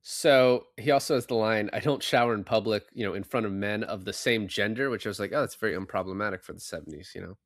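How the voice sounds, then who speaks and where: A man co-hosting a podcast who retells film scenes in a relaxed, casual way. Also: on the low side, fast, hardly any pauses, dry recording, clean studio sound. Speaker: podcast co-host.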